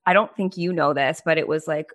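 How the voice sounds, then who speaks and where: A woman hosts a podcast and talks with a guest, chatty and eager. Her voice sits a little low for a woman. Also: brisk, a bit bright. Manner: enthusiastic, chatty, laughs often. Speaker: podcast host. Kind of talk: casual interview chat.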